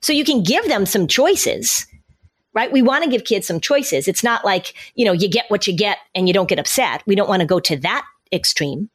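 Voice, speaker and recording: Woman giving calm parenting advice. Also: mid-range voice, normal speed, breathy edge. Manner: explains with acted-out parent and child examples. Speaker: parenting expert guest. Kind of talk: conversational advice.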